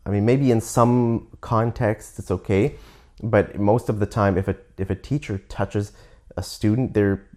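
A man's voice: fairly low pitch, darkish tone. A man with a Canadian accent talking candidly in a casual monologue, often restarting and stopping to explain words for learners.

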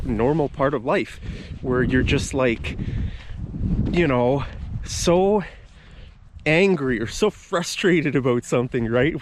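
In a medium-pitched voice against background noise, a man strolls through a park with bushes and a bridge, hosting a casual vlog that teaches English and explains words along the way.

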